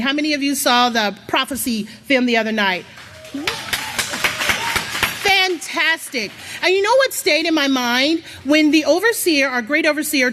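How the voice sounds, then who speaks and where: A woman's voice: high voice, a bit bright, slight background noise. A woman giving a motivational sermon to a congregation, leading call-and-response and coaxing them to repeat after her. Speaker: church speaker. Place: large worship hall.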